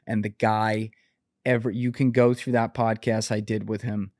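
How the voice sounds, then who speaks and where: A man's voice: lowish voice, normal speed, no room sound. Young guy telling a story, swears a lot, lots of "like", dry close mic. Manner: animated, profane, filler-heavy. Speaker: podcast guest. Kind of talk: casual storytelling chat.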